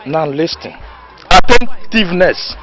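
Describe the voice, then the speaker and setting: An actor with a Nigerian accent playing a boisterous village know-it-all who gives mock lessons and laughs mid-sentence. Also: male voice, fairly high pitch, expressive, a little slow. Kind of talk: Nollywood comedy film acting. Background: faint background music.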